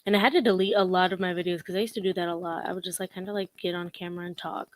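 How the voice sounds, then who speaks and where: A woman's voice: lowish voice, fairly even intonation, racing. A young woman vlogging casual commentary, sassy and blunt, laughing often as she mocks.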